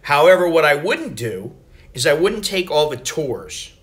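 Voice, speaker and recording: Middle-aged american guy vlogging, bright slightly high voice, rambly and swears a lot. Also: measured pace. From United States. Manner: rambling, profane, animated storytelling. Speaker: travel vlogger. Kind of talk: casual travel vlog.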